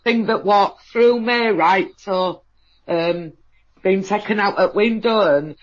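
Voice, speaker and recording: Halting woman, lo-fi. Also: medium pitch. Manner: halting, many fillers and restarts. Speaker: guest. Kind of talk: emotional personal account. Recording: dull lo-fi audio.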